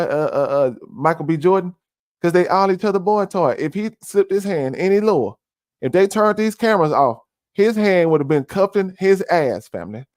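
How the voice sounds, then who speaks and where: A commentary streamer with a high-pitched, darkish voice delivers casual conspiracy talk on a close, dry mic with no room sound. He is preachy, uses lots of fillers, and keeps saying "family."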